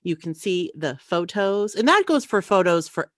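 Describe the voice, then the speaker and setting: A woman co-hosting a casual podcast, animated and playful, exaggerating for laughs. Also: on the low side, normal speed, no room sound, clean studio sound. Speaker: podcast co-host. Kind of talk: casual chat.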